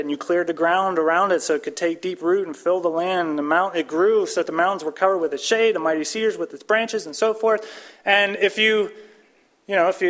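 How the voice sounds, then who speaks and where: High-voiced man teaching a casual sermon. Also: a bit bright. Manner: casual, restarts and fillers, rises in pitch and volume for emphasis. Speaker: Bible teacher.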